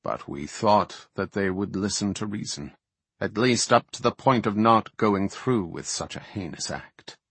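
A man voicing a composed elf priestess woman who speaks in a measured, grave way in an audiobook. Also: fairly low pitch, animated, fairly bright tone, slightly rough, dry recording, heavily acted. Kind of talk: audiobook character voice.

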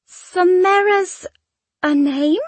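A man's voice: very high voice, big pitch swings, drawn-out words, a bit bright, dry recording, pitched above the performer's own voice, full character voice. A man voicing a hungry, curious eight-year-old girl who asks plaintive questions in an audiobook. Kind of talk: audiobook character voice.

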